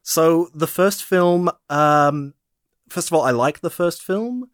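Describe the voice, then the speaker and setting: A man's voice: on the high side, slow pace, no room sound, clean studio sound. A man co-hosting a casual film podcast, explaining a plot steadily with fillers. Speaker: podcast co-host. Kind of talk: casual movie discussion.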